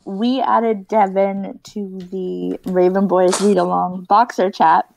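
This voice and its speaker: Woman with a gravelly voice, giggly, telling a quick story on a podcast. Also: medium pitch, flat delivery, darkish tone, poor audio. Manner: laughs often, storytelling. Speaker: podcast co-host. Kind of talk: casual chat.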